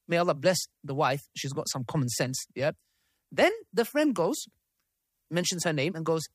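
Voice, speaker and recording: A man leads a live panel discussion and reads messages aloud, breaking off for asides and checks with the room. His voice rises and falls a great deal. The sound is close and dry, with little room echo. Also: high-pitched. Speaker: host of a debate panel.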